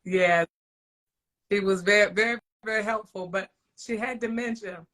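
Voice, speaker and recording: A woman's voice: medium pitch, steady tone, moderate pace, fairly bright tone. A middle-aged woman interviewing a guest in a casual, chatty way, often laughing.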